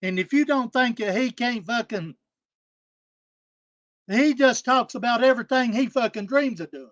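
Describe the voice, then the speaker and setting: A speaker delivers a fired-up, cuss-heavy livestream rant, hammering the same points over and over. The voice sits at a middling pitch and sounds dry and close, with no room around it. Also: normal speed, fairly bright tone, dry recording. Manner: aggravated, profane, repetitive scolding. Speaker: live stream panel host.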